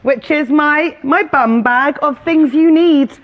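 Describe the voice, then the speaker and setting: A woman's voice: sits high, slow pace. A woman comedian giving a giggly, self-mocking account of her quirks on a panel show. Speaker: comedian guest. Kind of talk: comic confessional chat. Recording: dull TV sound with audience.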